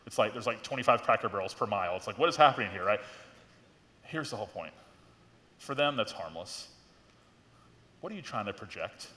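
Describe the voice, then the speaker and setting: A middle-aged man preaching a sermon as a pastor, in a conversational, animated way with lots of "like" and rising emphasis. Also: lowish voice, normal speed, long pauses. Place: church sanctuary. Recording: church hall reverb.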